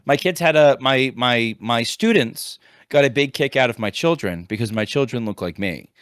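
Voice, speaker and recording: A man's voice: medium pitch, moderate pace, no echo. Rambling man telling a story, dry sound. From United States. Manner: rambling animated storytelling with many restarts. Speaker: podcast co-host, high school teacher. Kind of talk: casual chat.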